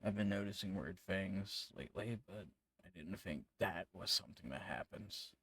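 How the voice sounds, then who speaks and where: A man voicing a quiet, musing scholar. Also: low voice, normal speed, husky, dry recording, heavily acted. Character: curious male scholar with a journal.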